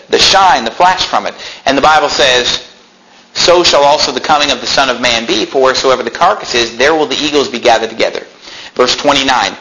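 Male preacher in a sermon, sharp and forceful, reads scripture aloud with loud emphatic bursts. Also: a little high, poor audio. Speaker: pastor.

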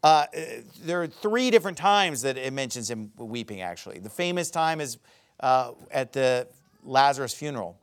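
A man preaching a sermon, speaking emphatically and rising into loud dramatic quotations of scripture. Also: medium pitch, big pitch swings, normal speed, clear, resonant tone.

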